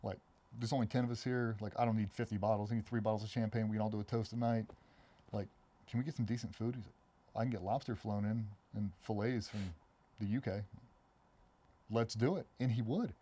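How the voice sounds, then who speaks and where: Here a former Navy SEAL in middle age sits for an informal interview as a guest. His storytelling is rapid and animated, and he imitates the people he quotes in a much higher register.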